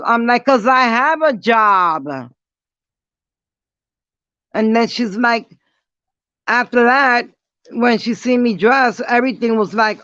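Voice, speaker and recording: High-pitched woman venting on her channel, slow and blunt, dull dry phone audio. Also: a bit bright, dry recording. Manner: blunt, defiant, breaks off into quick apologies. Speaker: vlogger. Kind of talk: casual ranting monologue to viewers.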